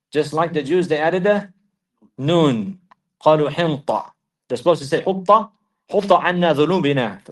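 A man giving a religious lesson, repeating key phrases for emphasis and reciting Arabic verses quickly. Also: on the high side, low-quality recording. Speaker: Islamic teacher.

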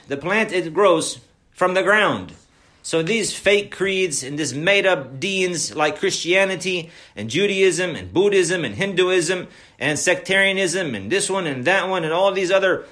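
A man giving a religious lesson, acting out questions and answers and mixing Arabic phrases into his English. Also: a little high. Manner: animated, rhetorical questions, acts out dialogues. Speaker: Islamic preacher.

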